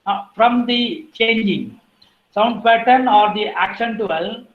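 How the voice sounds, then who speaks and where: Female lecturer, measured and unhurried, reading out terms; roomy, muffled recording. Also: a little high. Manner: deliberate, lists terms one by one, clears throat now and then. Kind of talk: academic lecture on phonetics.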